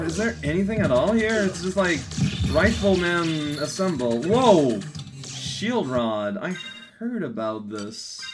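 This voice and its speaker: A man commenting on his video game playthrough, rambling and joking at himself. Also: fairly high pitch. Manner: rambling, jokey, self-mocking. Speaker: let's play commentator. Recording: game music playing behind.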